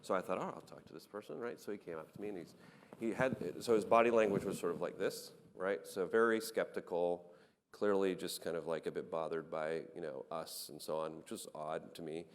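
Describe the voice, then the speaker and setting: A man on a conference panel, telling anecdotes in an animated way with many restarts. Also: low voice, fairly quick, in a large hall. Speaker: panel guest, startup founder.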